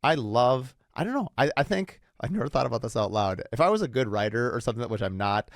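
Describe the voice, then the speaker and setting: A male podcast host talks in a casual, rambling way, thinking out loud and drifting between reflections and stories. His pitch swings widely and expressively as he goes. The recording is dry and close, with no room sound. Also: fast talker, no echo. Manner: rambling, reflective, animated storytelling. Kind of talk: casual interview chat.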